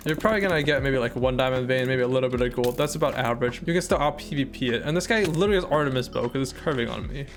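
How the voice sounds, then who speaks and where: A man's voice: mid-range voice, very fast, hardly any pauses. A young man giving casual commentary over his own gameplay, rambling and full of fillers. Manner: rambling, filler-heavy, excitable during fights. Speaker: gaming YouTuber. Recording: background music under voice.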